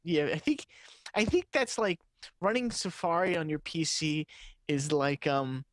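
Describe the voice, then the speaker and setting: A man co-hosting a podcast, telling stories in a casual, animated way and laughing often. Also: on the high side, measured pace, no echo. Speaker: podcast co-host. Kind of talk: casual chat.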